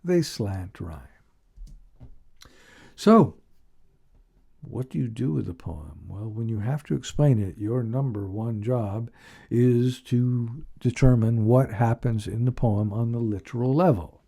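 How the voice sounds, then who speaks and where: In a recorded literature lecture, a man with a mid-range, gravelly voice and dark tone reads a poem aloud and then explains it. His reading is slow and measured, peppered with frequent ums and uhs.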